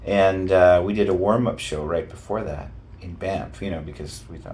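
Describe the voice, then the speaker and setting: Brief: low-voiced male musician guest, animated storyteller, restarts often. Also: moderate pace, slight background noise. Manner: animated, rambling, lots of restarts. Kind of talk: casual interview storytelling.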